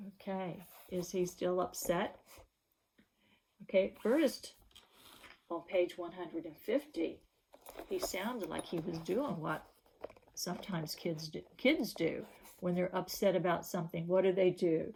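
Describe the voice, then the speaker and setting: A woman teacher takes a reading lesson for young children slowly and patiently. She keeps prompting the class with questions and waits for their answers. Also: fairly low pitch, creaky, mellow, slight background noise.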